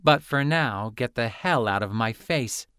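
A man's voice: medium pitch, expressive, a little slow, fairly bright tone, clear, resonant tone, dry recording, studio quality. A man voicing a condescending, cutting young female student in an audiobook.

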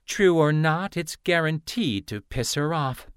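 A man's voice: fairly high pitch, expressive, unhurried, clear, resonant tone, dry recording, clean studio sound, voice pushed up. A man voicing a fiery, snide young female student in an audiobook. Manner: snide, combative.

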